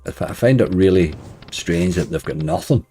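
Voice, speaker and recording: A man's voice: deep voice, normal speed, faint music behind. A man chatting casually on a live stream, greeting viewers and joking wryly while he plays. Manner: wry, laughs softly at his own remarks.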